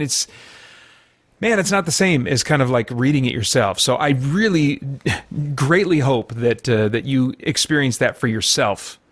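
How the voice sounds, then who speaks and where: A man's voice: a little high, a bit bright, dry recording. A man hosting a casual comic book review podcast, talking in a heartfelt, earnest way.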